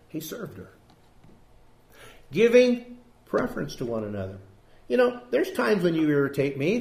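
Man preaching in an echoey church. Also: a little high. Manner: conversational preaching, acts out quoted voices. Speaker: pastor. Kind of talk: sermon. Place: church building.

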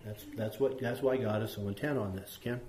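A man's voice: lowish voice, fairly even intonation, fairly quick, warm tone. A man teaches a small Bible study group, reading verses aloud and turning to the group with questions. His manner is conversational and plain, with scattered fillers. The sound is echoey, as if recorded in a hard-walled room.

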